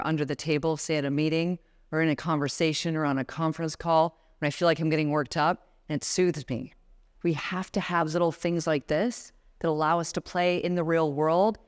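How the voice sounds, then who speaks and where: A woman in her forties giving a motivational talk at a conference, guiding the audience through breathing exercises and speaking directly to them. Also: lowish voice. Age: 40s. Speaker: guest speaker. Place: conference room before a seated audience.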